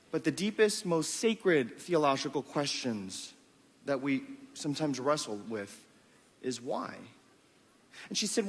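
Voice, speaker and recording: A man's voice: high voice, a little slow. A man preaching a sermon as pastor, telling a family story with repeated words and asking "amen?". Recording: long reverb of a large hall.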